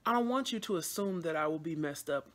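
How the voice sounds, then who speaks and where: A woman's voice: sits low, expressive, brisk. A woman vlogging casually, venting bluntly to her camera with frequent swearing and rambling restarts.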